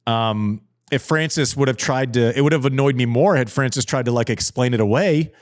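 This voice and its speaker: A man's voice: medium pitch, brisk, no echo, clean studio sound. A man hosting a podcast in casual chat, candid and self-deprecating, often repeating himself while he thinks. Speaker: podcast host.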